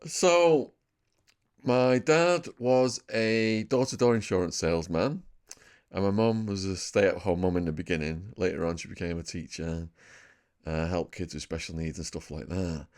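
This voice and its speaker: A man in his fifties from England with a northern English accent, a podcast guest telling lively anecdotes about his life in a casual interview. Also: deep voice, unhurried. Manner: lively anecdotal storyteller, laughs at his own tales.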